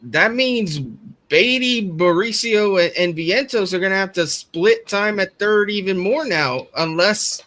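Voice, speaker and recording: Bright, measured sports podcast co-host. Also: male voice, high voice. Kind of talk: analytical sports chat.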